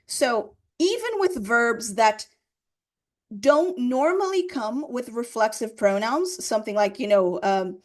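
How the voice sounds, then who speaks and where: Woman, English teacher giving a grammar lesson, slightly high voice, patient and repetitive. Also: expressive, takes it slowly. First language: Portuguese. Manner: explains patiently, repeats examples, checks with "right?".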